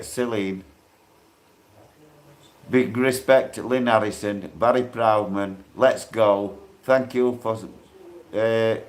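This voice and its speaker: A man, hosting a casual livestream while in pain, rambling and quickly turning irate. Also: fairly low pitch. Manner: rambling, grows irate and loud when aggrieved. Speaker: livestreaming channel host.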